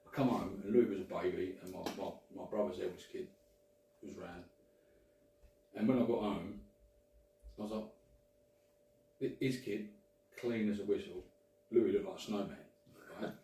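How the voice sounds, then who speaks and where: A man's voice: deep voice, normal speed, pauses often, warm tone. A man telling a rambling, sweary anecdote in a casual chat, recorded from a distance in an echoey room. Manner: swears freely, rambling anecdote, restarts often. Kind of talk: casual storytelling. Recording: roomy, distant mic, faint noise.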